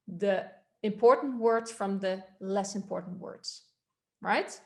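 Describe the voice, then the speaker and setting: A woman's voice: mid-range voice, takes it slowly, darkish tone. A woman voice coach giving a workshop, explaining techniques in a loose, conversational way and demonstrating them aloud. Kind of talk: workshop instruction.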